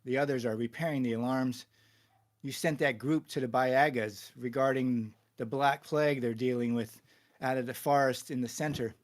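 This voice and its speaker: A man's voice: mid-range voice, fairly even intonation, moderate pace, close to an everyday voice. A man voicing a loyal male first guard who reports earnestly and dutifully.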